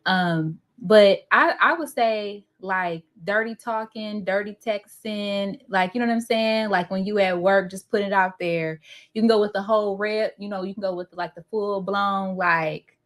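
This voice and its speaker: A woman's voice: mid-range voice, fairly even intonation, normal speed, few pauses. A woman answering a question on a live panel, talking frankly and bluntly with a laugh. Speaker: panel guest. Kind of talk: casual live Q&A chat.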